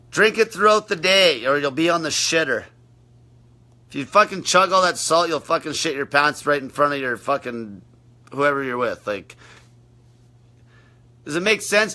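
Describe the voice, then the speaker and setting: A man's voice: on the high side, pushed and bright. A man coaching on a livestream, answering viewer questions in a brash, blunt, profane way.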